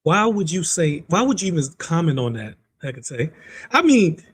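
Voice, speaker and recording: A man hosting commentary on online drama, talking in an animated, mocking way and often breaking into laughter. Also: a little high, normal speed, slightly rough. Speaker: commentary host.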